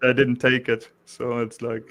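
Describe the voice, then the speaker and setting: A young man with a German accent, chatting casually about trading, relaxed, restarting sentences and saying "bro" a lot. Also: medium pitch, moderate pace, faint music behind. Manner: relaxed, restarts often, says "bro" and "you know". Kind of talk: casual chat.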